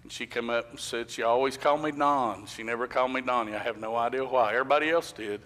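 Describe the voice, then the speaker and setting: Middle-aged preacher, folksy storyteller who builds to emphatic points, mid-pitched, long church echo. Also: male voice, fast, fairly bright tone. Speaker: pastor. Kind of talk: sermon. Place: church sanctuary.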